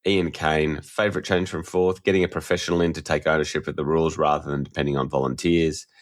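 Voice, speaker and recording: Very deep-voiced man. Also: little pitch movement, fast talker. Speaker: podcast co-host. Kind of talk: casual chat.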